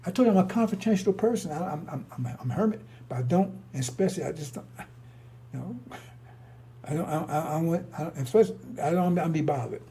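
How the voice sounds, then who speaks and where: A man's voice: on the high side, expressive, fast talker, warm tone, slight background noise. An older man telling stories in a rambling monologue, blunt and confrontational, with frequent restarts and cursing. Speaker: storyteller.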